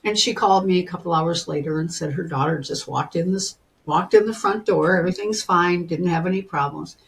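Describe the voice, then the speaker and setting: A woman in her seventies telling personal stories as a podcast guest in an animated way, often calling the listener honey. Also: on the low side, fairly quick. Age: 70s. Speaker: guest, psychic and spiritual teacher. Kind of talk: storytelling in a podcast interview.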